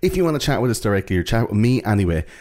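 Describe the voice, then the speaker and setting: Deep-voiced Irish man, chatty podcaster. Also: very animated, rapid-fire, a little mellow. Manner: chatty, swearing, joking. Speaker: podcast co-host. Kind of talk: casual podcast chat.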